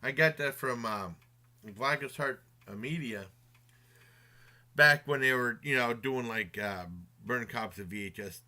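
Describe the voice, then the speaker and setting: A man's voice: medium pitch, a little slow, bright, forceful tone. A man casually retelling a movie's plot in a review, rambling with many fillers and restarts and chuckling along.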